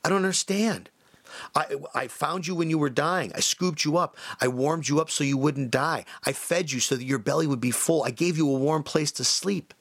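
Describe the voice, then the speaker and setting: A man's voice: moderate pace, a bit bright, dry recording, studio quality. A man voicing an old woman in a told story, who pleads in a raised, bewildered voice. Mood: pleading, bewildered. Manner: pleading, pitched up.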